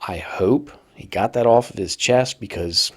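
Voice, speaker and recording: A man's voice: medium pitch, a little slow, husky. A man telling a story from his time in prison in a casual, conversational way as a podcast host. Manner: casual, conversational, acts out quoted voices loudly. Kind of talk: first-person storytelling monologue.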